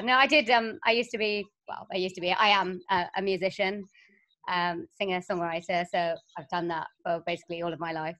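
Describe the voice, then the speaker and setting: Brief: young woman from Wales, voiceover artist and singer, mid-pitched, chatty and upbeat guest. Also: fairly bright tone, highs cut off. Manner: chatty, upbeat, laughs often. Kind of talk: casual interview chat.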